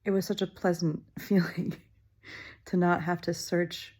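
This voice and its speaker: A middle-aged woman vlogs to camera from her childhood home, musing aloud with wry, self-deprecating humor and frequent ums. Her voice is low-leaning and darkish, with a flat, unhurried delivery.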